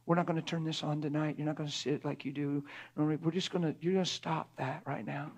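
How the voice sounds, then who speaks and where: A middle-aged man delivers a conversational sermon in a fairly high voice. He talks to the room like a friend, then sinks into a hushed whisper to drive a point home. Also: fairly even intonation, fast. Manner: conversational preaching, drops to a hushed whisper for emphasis. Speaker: preacher.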